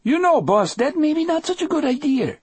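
A man voicing a nervous, prissy condemned male prisoner who talks in a shrill, trembling voice. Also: very animated, fairly quick, dry recording, heavily acted. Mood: jittery. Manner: shrill, trembling, high-strung.

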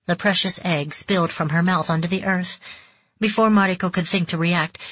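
A woman reading a novel aloud in calm, even scripted narration. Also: on the low side, slightly rough, no room sound. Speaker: audiobook narrator. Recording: dull dry audiobook recording.

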